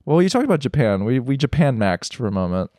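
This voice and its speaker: Teasing, animated male podcast co-host. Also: medium pitch, quick pace, no room sound, clean studio sound. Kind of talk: casual chat.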